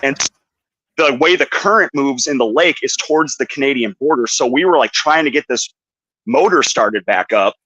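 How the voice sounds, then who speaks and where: A man's voice: medium pitch, lively intonation, normal speed, fairly bright tone, slight background noise, poor audio. A man from Minnesota hosting a podcast, rambling through anecdotes in casual chat. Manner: rambling anecdotes with put-on voices. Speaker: podcast host.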